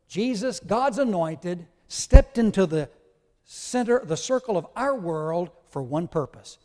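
In a long, reverberant hall, a male pastor with a fairly high, mellow voice preaches a sermon. He teaches emphatically and spells out Greek terms for his listeners.

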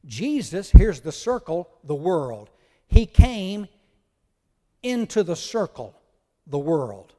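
A man's voice: high voice, sing-song, slow, pauses often, warm tone. A male pastor preaching a sermon, teaching emphatically and spelling out Greek words to his congregation. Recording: long hall reverb.

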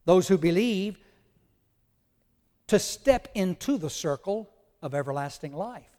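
A male pastor preaches a sermon in a high, mellow voice with lively intonation and an unhurried pace. He teaches emphatically, spelling out Greek words for his congregation, and the recording carries a long hall reverb.

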